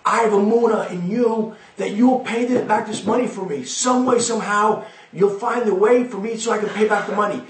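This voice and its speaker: A man's voice: very high voice, lively intonation, a little fast, reverberant, distant mic, a little hiss or hum, pitched above the performer's own voice. A man voicing an earnest, hopeful poor man who pleads eagerly.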